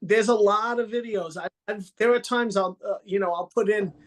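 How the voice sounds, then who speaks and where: A man's voice: high voice, moderate pace, a bit bright. A man with a Brooklyn accent, a guest in a casual live chat, talking in a rambling way with lots of fillers. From New York.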